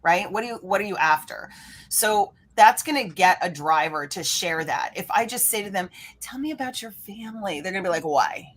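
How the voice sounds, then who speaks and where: Energetic woman guest coach, animated interview delivery. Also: fairly low pitch, brisk. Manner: energetic, lively, acts out quoted people. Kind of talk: animated podcast interview talk.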